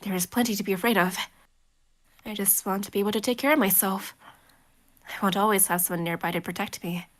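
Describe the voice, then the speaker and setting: An earnest young apprentice mage speaks with a put-on British accent, voiced by a woman. She is careful and formal, at an ordinary middle pitch. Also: fairly even intonation, fast, pauses often, lightly acted. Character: young female mage's apprentice, earnest and wary.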